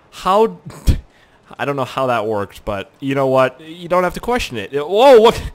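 Doing casual let's play commentary for his gaming channel, a young man jokes, acts goofy and swears freely. His voice sits on the high side, sing-song, at a measured pace.

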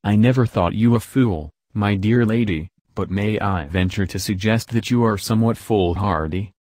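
A man's voice: on the low side, normal speed, no echo, studio quality, close to an everyday voice. A man reading a suave sly count. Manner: smooth, softly insinuating.

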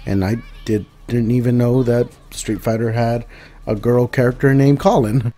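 A man giving joking, profane commentary over a fighting game, dropping into mumbled asides and rising into loud outbursts. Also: medium pitch, fairly even intonation, moderate pace, music in the background. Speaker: gaming video host. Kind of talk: casual gameplay commentary.

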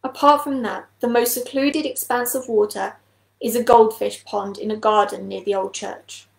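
A woman doing an aloof, even-toned kestrel. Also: on the high side, moderate pace, creaky, echoey room, poor audio. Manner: even, unconcerned.

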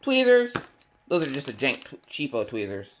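A woman hosting a casual unboxing video, chatty and enthusiastic, her voice squeaky today. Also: wildly swooping pitch, moderate pace, very noisy. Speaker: crafting video host.

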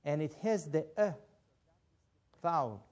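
A man teaching a Biblical Hebrew lesson, patient and deliberate, spelling out each step. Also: fairly high pitch, expressive, a little mellow. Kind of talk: slow instructional lesson.

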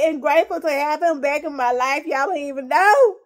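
A woman with a high voice chats to camera as a vlogger. She gushes with emotion and rambles through many fillers, talking straight to her viewers. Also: fairly quick, hardly any pauses. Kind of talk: casual chat to camera.

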